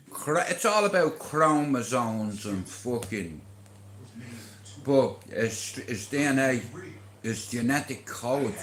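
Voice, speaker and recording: A man's voice: on the low side, roomy sound. An Irish man hosting a casual livestream, talking in a boastful, rambling way with plenty of swearing. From Ireland. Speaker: livestream host.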